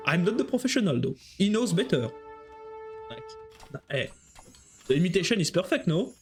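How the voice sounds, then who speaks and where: A slightly high-voiced man commentating a live strategy game, lively and playful, joking with the chat between calls. Faint game music hums under his close mic. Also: moderate pace, long pauses. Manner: excitable, joking, jumps between play calls and banter. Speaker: esports caster.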